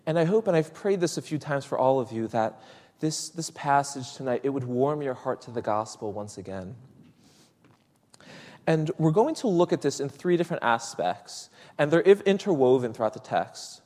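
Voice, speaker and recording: A preacher giving a sermon in a conversational, storytelling way, with small restarts. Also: male voice, mid-range voice, animated, normal speed, a little mellow, big-room sound.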